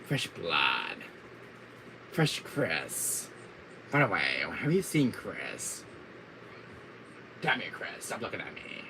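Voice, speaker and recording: A man's voice: wildly swooping pitch, slow pace, vocal fry, long pauses, background noise, heavily acted. A man putting on the voice of a cold, smug male villain mastermind as a live-stream impression. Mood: taunting. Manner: low, smug, taunting.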